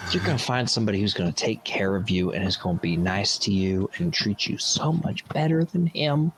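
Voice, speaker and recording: A man's voice: fairly low pitch, animated, normal speed, fairly bright tone, slight background noise, pitched below the performer's own voice. A man voicing a motherly female hotel receptionist with a put-on Southern American accent. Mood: comforting.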